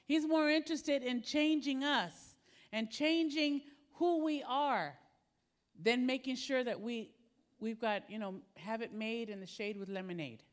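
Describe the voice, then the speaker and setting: A woman's voice: fairly high pitch, a little slow. A middle-aged woman from the Philippines preaching a sermon, telling personal stories and acting out her own panic and impatience.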